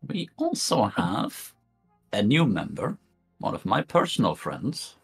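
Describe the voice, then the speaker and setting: A man's voice: on the low side, wildly swooping pitch, slow pace, creaky, husky, faint music behind. A man, the game master, introducing the players in laid-back casual chat with plenty of swearing.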